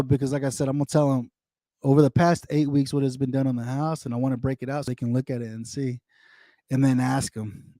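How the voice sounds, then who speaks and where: A livestream host with a medium-pitched, mellow male voice talks fast and flatly into a desktop microphone, with studio quality and no echo. He rambles and repeats himself while casually reading viewer comments and greeting people by name.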